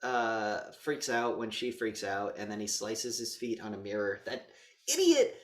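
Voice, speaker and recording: A man co-hosting a casual movie review podcast, talking in an animated, profane way and acting out scenes in quick voices. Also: on the low side, echoey room. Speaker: podcast co-host.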